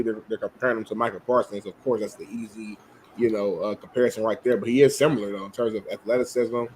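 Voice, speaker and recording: A man co-hosting a sports talk show, giving a relaxed, rambling opinion full of hedges. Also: medium pitch, a little hiss or hum, rough recording. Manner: laid-back, rambling, hedging with fillers.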